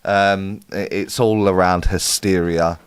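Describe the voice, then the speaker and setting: Low-voiced man hosting a live Q&A. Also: steady tone, slow, smooth, dry recording. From United Kingdom. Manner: chatty, reads out viewer comments and answers off the cuff. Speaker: spiritual medium hosting a live Q&A. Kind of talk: casual live-stream Q&A.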